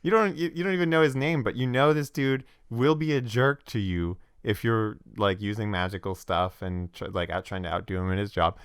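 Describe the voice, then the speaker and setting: Low, smooth-voiced rambling man. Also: brisk, few pauses, no echo, clean studio sound. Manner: rambling, frequent restarts and filler. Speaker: podcast co-host. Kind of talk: casual chat about tabletop games.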